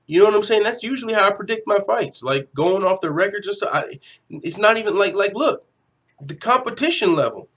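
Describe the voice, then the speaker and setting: A man's voice: high-pitched, expressive, brisk, a bit bright, breathy edge. A young man hosting a casual livestream from home, talking loosely, swearing freely and reading viewers' chat aloud. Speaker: livestream host.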